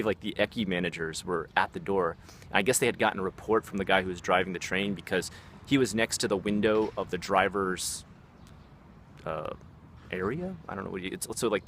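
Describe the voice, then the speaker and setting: A man with a fairly low voice tells stories in a loose, slangy vlog style, swearing freely and leaning on "like" and "man." He talks outdoors in a city, with faint street and traffic noise behind him. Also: fairly bright tone. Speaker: vlogger. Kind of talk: casual storytelling.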